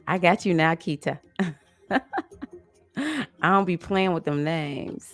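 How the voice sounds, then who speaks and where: Woman host, low and slow, soft and affectionate, reading out chat on a live stream over faint music. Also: animated. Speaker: host of a live online women's circle. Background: music playing.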